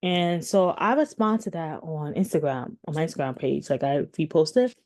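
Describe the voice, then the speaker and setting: With a deep, mellow voice and normal pacing, a thirty-something woman offers her viewers casual commentary. As a vlogger she rambles, frequently restarting and filling pauses.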